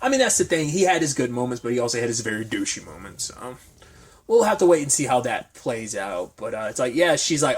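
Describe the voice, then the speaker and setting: A man's voice: medium pitch, big pitch swings, a little fast, husky. A man reviewing a TV episode in a casual, rambling recap full of fillers and speculation.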